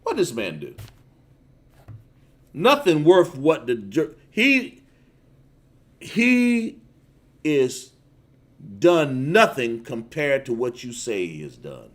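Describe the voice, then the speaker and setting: Emphatic man preaching with a lively pitch. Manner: emphatic, drawn-out stresses, chats with viewers between verses. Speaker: livestream preacher. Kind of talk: sermon with scripture reading. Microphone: phone.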